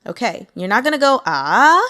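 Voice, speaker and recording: An upbeat woman, a native English speaker, walks through pronunciation in a casual, friendly lesson. She demonstrates each sound with big, exaggerated examples, and her voice sits at an ordinary middle pitch. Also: animated, normal speed. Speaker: language teacher.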